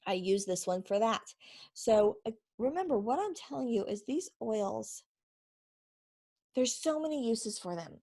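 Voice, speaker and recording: A woman's voice: a little high, expressive, unhurried, warm tone. Chatty woman teaching casually. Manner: chatty, conversational, with frequent "like" and checks with listeners. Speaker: essential oils presenter; homeschooling mother. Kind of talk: casual teaching talk to camera.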